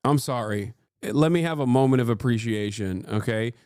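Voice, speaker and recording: A man in his thirties doing casual livestream commentary from home, profane, excitable and mocking as he rants about the news. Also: medium pitch, normal speed, clear, resonant tone, dry recording, clean studio sound. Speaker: streamer reacting to news. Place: home streaming room.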